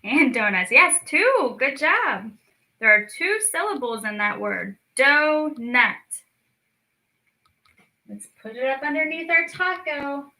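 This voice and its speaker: A young woman leading a children's lesson, stretching words out slowly and cheering the kids on. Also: sits high, big pitch swings, sharp tone, poor audio. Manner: slow, drawn-out words for children, encouraging. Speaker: speech clinic storytime teacher. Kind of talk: children's lesson, clapping out syllables.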